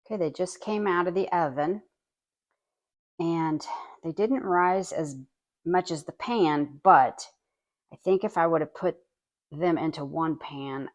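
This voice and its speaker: A woman vlogger chatting casually in her home kitchen as she bakes and tastes, talking with her mouth full now and then. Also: low-pitched. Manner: chatty and homey, talks while tasting. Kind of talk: casual cooking demonstration.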